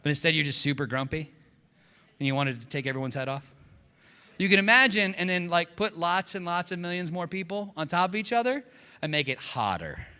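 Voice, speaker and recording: A man preaching a sermon as pastor, telling a story with lively acted-out quotes. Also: fairly high pitch, a little fast, clean tone, in a large hall. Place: church sanctuary.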